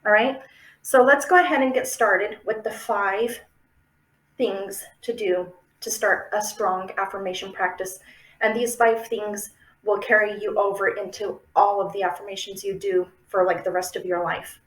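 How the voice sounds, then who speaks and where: A woman's voice: medium pitch, steady tone, moderate pace. Woman, casual instructional talk, chatty with frequent check-ins, roomy echoey sound. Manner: chatty, checks in often with tag questions. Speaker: affirmation practice teacher.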